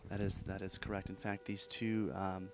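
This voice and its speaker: Man, low voice, deadpan mock-formal announcer, mock broadcast commentary, faint music behind. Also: normal speed. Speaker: mock event reporter.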